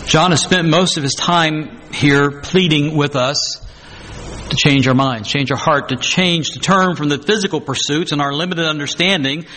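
Bright-voiced male preacher, emphatic. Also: fairly high pitch, moderate pace. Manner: emphatic, repeats phrases for stress; acts out scripture quotes dramatically. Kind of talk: sermon.

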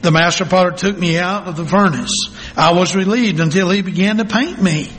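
A male pastor telling a story in a sermon, reading slowly and deliberately with dramatic pauses. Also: high voice, a bit bright. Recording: long hall reverb.

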